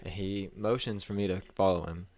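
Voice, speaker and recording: Young dude on a podcast, lowish voice, acts out the quotes in his stories. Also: brisk. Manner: animated storyteller, acts out quotes, laughs often. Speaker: podcast co-host. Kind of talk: casual storytelling chat.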